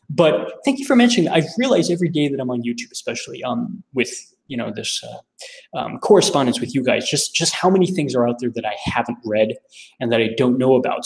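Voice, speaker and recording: Young American male lecturer, relaxed and unscripted, talks through ideas with fillers and restarts. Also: medium pitch, creaky, rough recording. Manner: thinking aloud with many restarts. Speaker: philosophy lecturer. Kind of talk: informal lecture to camera.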